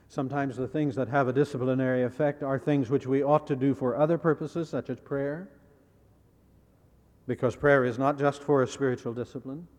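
A man preaching a sermon in a measured way, repeating key phrases and putting rhetorical questions to his listeners. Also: mid-range voice, darkish tone, big-room sound. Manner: asks the audience rhetorical questions.

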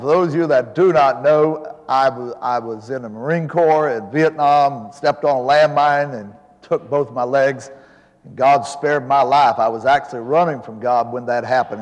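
A man in his seventies, an evangelist preaching a sermon in a church, telling folksy jokes before building to fervent preaching. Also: medium pitch. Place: church sanctuary. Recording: long hall reverb.

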